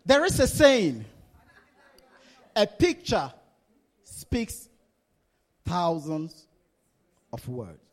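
A man preaching a sermon to his congregation, slow and deliberate, often laughing as he leads them. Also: high voice, wildly swooping pitch.

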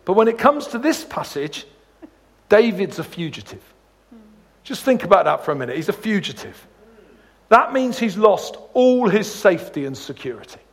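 In a big-room sound, a guest preacher speaks at normal speed with a high-pitched voice. His sermon mixes scripture with humorous anecdotes, told in a jokey, animated, storytelling style.

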